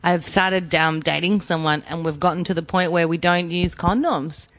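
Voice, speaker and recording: A woman's voice: on the low side, fairly even intonation, normal speed, fairly bright tone. A woman, co-hosting a podcast and telling blunt, profane stories in casual chat. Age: 30s. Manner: blunt, profane storytelling with acted-out quotes. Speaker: podcast co-host.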